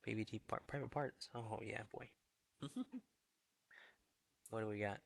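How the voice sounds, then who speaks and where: A young man chats casually to stream viewers about his fantasy team. His voice sits low and gravelly with a flat, even tune. He keeps it hushed, half-whispering so as not to carry down the hallway. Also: measured pace, dry recording. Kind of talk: casual live-stream chat. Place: indoor hallway.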